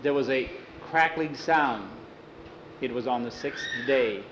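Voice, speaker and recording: A man telling a story aloud in a folksy, unhurried way, with small restarts and slips. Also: mid-range voice, dull audio, background noise. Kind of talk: casual oral storytelling.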